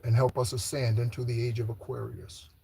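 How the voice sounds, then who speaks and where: A man's voice: mid-range voice, little pitch movement, fairly quick, creaky, mellow, a little hiss or hum. A middle-aged man giving a rambling spiritual monologue, casual and profane, often checking in with "okay?" and "right?". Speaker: spiritual channel host.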